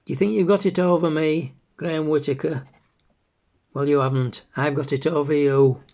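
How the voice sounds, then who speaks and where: Bloke putting on a fussy old mum, querulous and sharp, dull lo-fi sound. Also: male voice, a little high, very animated, a little slow, breathy edge, voice pushed up, exaggerated voice. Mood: shrill. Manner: querulous, accusing. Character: fretful, sharp-tongued elderly mother of 72. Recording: dull lo-fi recording.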